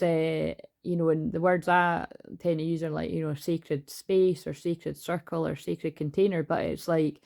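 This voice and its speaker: Chatty woman with a gravelly voice. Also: low voice, a little mellow. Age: 40s. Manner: rambling, chatty, swears casually. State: tearful at moments. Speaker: tarot reader. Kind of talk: casual spiritual chat. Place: her bedroom.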